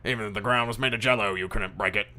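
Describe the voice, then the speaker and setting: A man voicing a loud, irate middle-aged male police captain who berates his detective. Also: fairly low pitch, fairly even intonation, rapid-fire. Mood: berating. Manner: shouting, berating.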